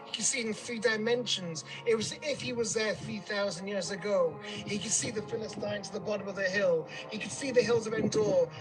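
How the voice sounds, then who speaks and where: A man's voice: high voice, rough recording. A man telling a vivid, dramatic story as a tour guide, recorded outdoors on a hillside. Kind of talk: on-location storytelling narration. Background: background music.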